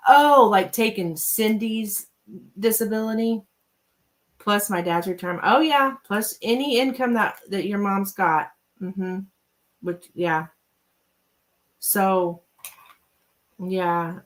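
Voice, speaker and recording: A woman's voice: mid-range voice, slow pace, long pauses, poor audio. Chatty woman hosting a live tarot stream. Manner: chatty, laughs often, reads viewer names aloud. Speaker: tarot reader and livestream host. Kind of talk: casual live-stream chat with viewers.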